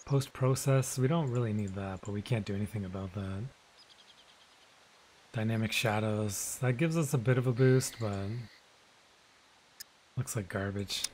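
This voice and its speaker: A man streaming a video game live, chatting casually with viewers, relaxed and rambling, often trailing off into quiet mumbles. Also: fairly low pitch, measured pace, pauses often, a little hiss or hum.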